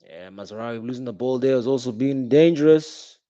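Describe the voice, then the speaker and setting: A young man giving casual, slangy live reaction commentary while watching a football match, calling out the referee loudly. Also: medium pitch, normal speed, no echo. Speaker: football watch-along streamer. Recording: dull, dry home stream audio.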